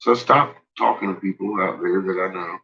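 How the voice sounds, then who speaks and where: Man, low voice, casual livestream rant, profane, laughs a lot, muffled lo-fi audio. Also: fairly quick, gravelly, noisy background. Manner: profane, laughs often, ranting. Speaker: livestream host. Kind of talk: casual rambling livestream talk.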